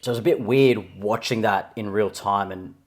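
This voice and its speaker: Low-voiced man chatting casually. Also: fairly quick. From Australia. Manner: rambling, candid, with many restarts. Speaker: podcast co-host. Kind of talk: casual chat.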